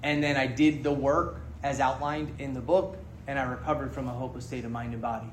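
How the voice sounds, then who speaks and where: A man's voice: medium pitch, level tone, brisk, slight background noise. A man sharing his story at a recovery meeting, frank and joking, swearing freely as he speaks to the group. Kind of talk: candid personal testimony to a group. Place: meeting room with an audience. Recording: roomy hall echo.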